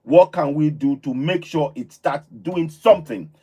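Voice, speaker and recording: A man hosting a live stream discussion, soft-spoken and emotional as he takes callers. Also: a little high, moderate pace, husky. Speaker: host.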